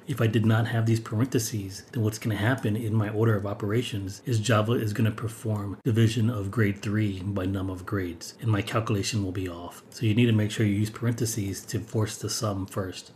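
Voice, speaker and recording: A man with a low voice gives a recorded programming lecture, walking through his code one step at a time. He talks in a steady, methodical way. A faint hum of room ambience sits behind him. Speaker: programming instructor. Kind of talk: screen-recorded coding lecture.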